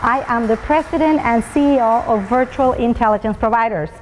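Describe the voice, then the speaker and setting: A woman's voice: fairly high pitch, fairly even intonation, fairly quick, big-room sound, a little hiss or hum, poor audio. A woman in her fifties from Colombia and Venezuela, with a Venezuelan Spanish accent, giving a prepared talk with frequent ums while telling stories. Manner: frequent ums and uhs, storytelling. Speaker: speaker at a school talk event.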